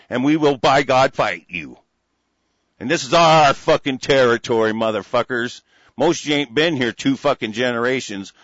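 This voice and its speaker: A man's voice: medium pitch, a bit bright, no room sound. A man delivering an angry, heated monologue, full of profanity and restarted phrases. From United States. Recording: dry, dull lo-fi recording.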